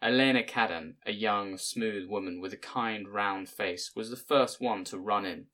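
A man narrating an audiobook in a measured, plain storytelling manner. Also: on the low side, pushed and bright.

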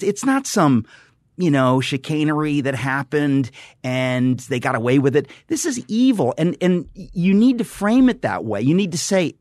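A man's voice: a little high, darkish tone, dry recording. A middle-aged man speaking as a guest in a radio studio, fervent and emphatic, often repeating and restarting phrases. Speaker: guest author and radio host. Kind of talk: impassioned studio conversation.

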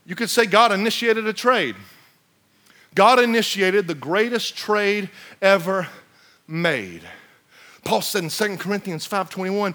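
A man preaching a sermon, shouting repeated refrains, then dropping to a low hush to read scripture in old biblical wording. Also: expressive, measured pace.

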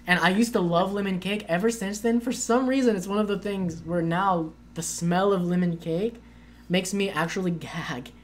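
A woman's voice: lowish voice, normal speed. Chatty woman telling travel stories. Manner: animated, acts out quoted voices with lots of "like". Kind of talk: casual storytelling chat.

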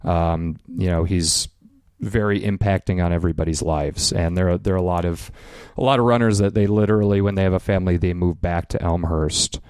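A man's voice: sits low, fairly even intonation, a little fast, a little mellow, clean tone, no room sound, studio quality. A man with a Chicago accent, a filmmaker guest in a casual interview, talking with lots of fillers and restarts and laughing easily. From Chicago area, USA.

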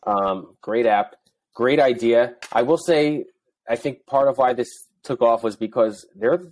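A man's voice: medium pitch, a little slow, a little mellow. A man co-hosting a casual talk show in an easygoing, agreeable way. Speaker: podcast co-host. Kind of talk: casual chat.

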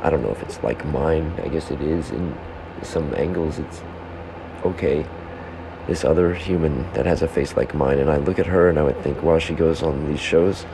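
Gravelly low-voiced man rambling solo. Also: normal speed. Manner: self-interrupting, heckles himself. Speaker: solo podcast host. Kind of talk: rambling monologue to himself. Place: home room with a fan. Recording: background fan hum.

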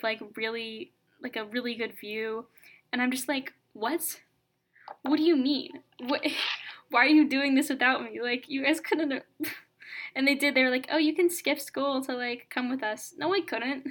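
A young woman co-hosting a podcast in casual chat, rambling with lots of "like" and animated complaining. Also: on the high side. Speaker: podcast co-host. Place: home, painting her nails.

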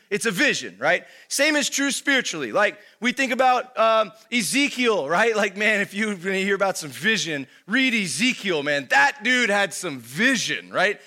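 A young man with a high, bright voice teaches a congregation in a loose, chatty sermon. He fills his talk with "like" and "man" and keeps asking his listeners "right?" as he goes. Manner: conversational, keeps asking "right?", lots of fillers. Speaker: pastor.

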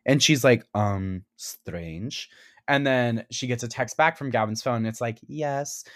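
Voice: mid-range voice, moderate pace, no room sound, clean studio sound. A speaker in casual podcast chat, recapping a horror scene with lots of swearing and acted-out lines and screams. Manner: animated, swearing, acting out screams and quotes.

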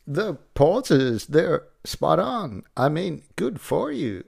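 A man's voice: on the high side, big pitch swings, slow pace, vocal fry, darkish tone, slightly rough. A man commenting on impressions in a video clip, approving and wry.

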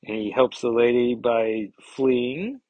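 A man's voice: medium pitch, slow pace, darkish tone, no room sound, highs cut off. A man hosting a podcast, casually recapping a comic book with wry, chatty asides. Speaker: podcast host.

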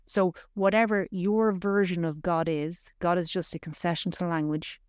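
A woman's voice: on the low side, flat delivery, normal speed, clean tone, no echo, studio quality. A woman speaking as a podcast guest, teaching on spirituality with emphatic, repetitive, punchy phrasing. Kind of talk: conversational teaching.

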